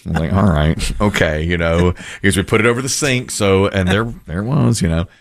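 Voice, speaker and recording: A man's voice: deep voice, fairly quick. A man in his fifties hosting a radio talk show, telling long stories and laughing often. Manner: storytelling, animated, laughs often. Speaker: radio host. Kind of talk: casual radio chat.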